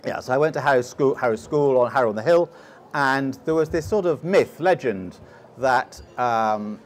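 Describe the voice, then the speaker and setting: Guesting in an interview, a middle-aged English explorer with a posh accent tells lengthy stories, frequently starting sentences over. He talks at a moderate pace in a mid-range voice.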